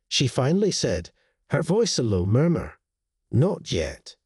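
A man narrating a horror story in a slow, grave storytelling manner with lively intonation, in a dry, close studio voice-over. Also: lowish voice, breathy edge, no echo.

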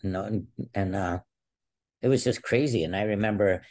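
A man in his sixties, a podcast guest, telling animated stories and acting out quotes. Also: fairly low pitch, moderate pace. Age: 60s. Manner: animated storyteller who acts out quotes. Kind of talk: casual interview storytelling.

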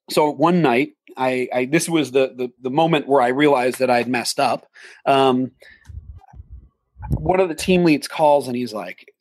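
A man telling a story as a guest in an interview, animated, acting out dialogue in a raised voice. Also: mid-range voice, no room sound. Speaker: guest, haunted attraction actor manager.

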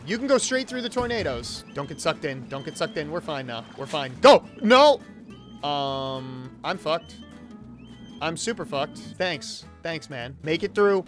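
A man reviewing a video game with jokey, excitable commentary and sudden exclamations. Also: on the high side, normal speed, soft background music. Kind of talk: comedic gameplay commentary.

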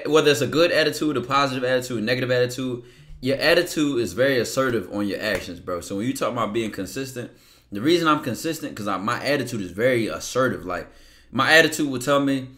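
A man in casual motivational talk, blunt, profane and slangy, acting out his inner voice in quick asides. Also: mid-range voice, lively intonation, sharp tone. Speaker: podcast guest.

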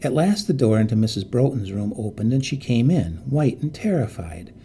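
A man narrating a ghost story in an expressive, dramatic reading voice. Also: mid-range voice, moderate pace, slight background noise.

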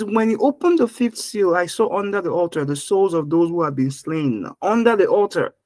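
A Bible study teacher who reads scripture aloud and then thinks it through out loud. The voice sits at a middle pitch and is heard close and dry, with no room sound. The talk stops and restarts often as the teacher searches for words. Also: no room sound, rough recording.

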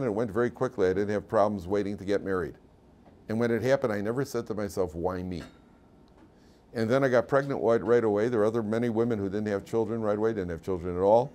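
A man quoting a gracious woman in her fifties, gravely ill, speaking in a steady, matter-of-fact way. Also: on the low side, close to an everyday voice.

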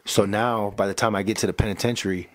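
A fast-talking pastor with a lowish voice shares his life story casually in an interview, captured in clean studio sound without room reverb. He animatedly acts out what people told him, repeats words, and leans on "bro" and "right?".

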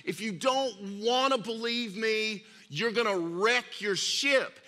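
A male pastor delivers a sermon in a folksy, chatty way, circling back to repeat his points. His voice sits high and rings bright and tense. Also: slow pace. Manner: folksy, repetitive, conversational preaching. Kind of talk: sermon with storytelling.

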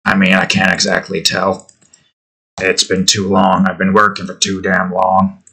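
A man doing a worn-out old construction worker who has been on the job far too long, with a rough, raspy voice pushed well below his own. He grumbles gruffly, like someone sick of the work. The voice keeps a bright edge. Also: completely flat delivery, measured pace, full character voice. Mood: weary. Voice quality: raspy, low. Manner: gruff, world-weary grumbling.

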